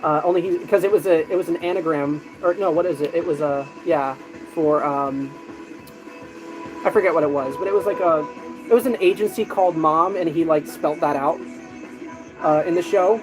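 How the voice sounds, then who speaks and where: A man streaming, chatting casually and telling animated stories with lots of fillers and restarts. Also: on the high side, normal speed, low-quality recording. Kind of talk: casual chat. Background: music.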